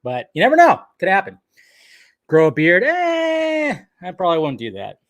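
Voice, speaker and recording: A man's voice: on the high side, huge pitch swings, brisk, a bit bright, no echo. A man hosting a casual live stream, chatting and joking while he greets viewers by name.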